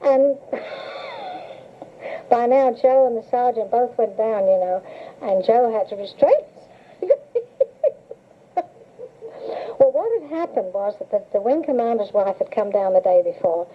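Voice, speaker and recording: An older woman with a fairly high, expressive voice speaks at normal speed while being interviewed about her memories. Her casual reminiscing is chatty and story-driven, with lots of laughter, and the old cassette tape sounds tinny and hissy.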